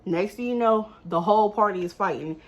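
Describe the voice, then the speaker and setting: Young woman, casual storytime vlog, animated and exasperated, mid-pitched voice. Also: brisk, dull audio. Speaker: vlogger telling a story.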